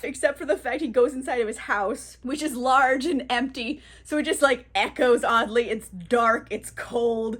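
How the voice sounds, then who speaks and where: Chatty high-voiced woman book vlogger. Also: normal speed, few pauses. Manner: chatty, filler-heavy, swearing, laughing often. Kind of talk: casual book recap.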